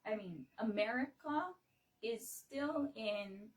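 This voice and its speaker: A woman from Hawaii talking on a casual livestream, slow and halting, with many fillers and restarts. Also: a little high, far from the mic, poor audio. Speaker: livestream host. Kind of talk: casual explanatory livestream talk.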